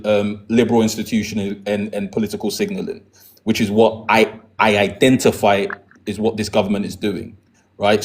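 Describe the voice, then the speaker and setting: A man raised in the UK with a British accent, answering calmly and conciliatorily in a debate, often stumbling over repeated words as he starts. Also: lowish voice, a little hiss or hum. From United Kingdom. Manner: measured, conciliatory, stammers on restarts. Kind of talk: conversational debate.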